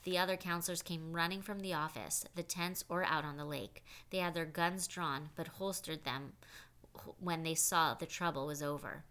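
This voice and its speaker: A woman reading an audiobook with a low, bright voice. Steady, clear storytelling. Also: normal speed. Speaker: audiobook narrator. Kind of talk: scripted audiobook narration.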